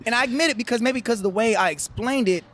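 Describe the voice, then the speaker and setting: A man speaking as a poet and podcast guest, telling stories in a quick, animated way and repeating phrases for emphasis. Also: very high-pitched. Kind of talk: casual podcast chat.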